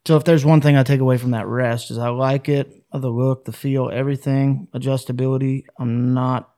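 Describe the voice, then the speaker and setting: A man co-hosting a casual hunting chat, telling stories in an animated, self-deprecating way. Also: medium pitch, fairly quick.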